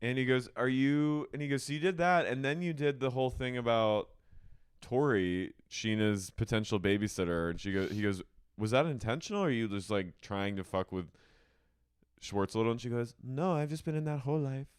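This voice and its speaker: A man's voice: mid-range voice, moderate pace, smooth, no room sound, clean studio sound. A man co-hosting a casual podcast, joking and acting out quotes. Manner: expressive, jokey, acts out quotes. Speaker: podcast co-host. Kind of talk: casual chat recapping reality TV.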